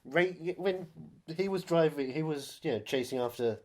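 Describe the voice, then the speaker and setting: A man's voice: a little high, darkish tone. A young man hosting a film podcast in casual, joking chat full of swearing and asides. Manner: joking, profane, quick asides. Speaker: podcast host.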